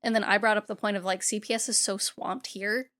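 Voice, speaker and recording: A woman's voice: mid-range voice, steady tone, fairly quick, a bit bright. A woman co-hosting a podcast, retelling a film scene by scene in a blunt, profanity-laced casual chat. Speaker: podcast co-host. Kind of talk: casual movie recap chat.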